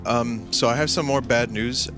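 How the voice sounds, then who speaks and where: A man's voice: mid-range voice, over music. Loose, profane male streamer. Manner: loose, profane, quick to laugh. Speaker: game streamer. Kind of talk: casual stream chat.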